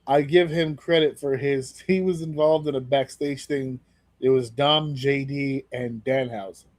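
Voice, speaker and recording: A man's voice: medium pitch, a little slow, no echo. A man co-hosting a podcast in casual chat, telling stories with lots of energy and plenty of swearing. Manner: animated storyteller, swears freely. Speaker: podcast co-host.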